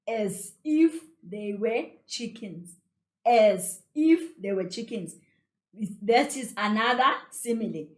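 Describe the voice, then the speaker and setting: A woman teacher with a South African accent, explaining a story in a revision lesson in an animated way and repeating phrases for emphasis. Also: on the high side. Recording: roomy echo.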